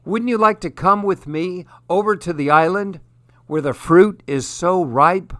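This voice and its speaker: A man voicing a cunning, hungry young male crocodile in a storybook, talking slyly and a little higher than his own voice. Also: a little slow, bright, forceful tone, no echo. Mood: scheming. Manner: sly and scheming.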